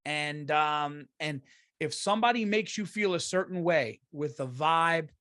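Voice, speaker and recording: A man hosting a comedy podcast, telling a story in an exasperated, profane and animated way and acting out what people said. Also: fairly high pitch, a little slow, dry recording, clean studio sound. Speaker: podcast host.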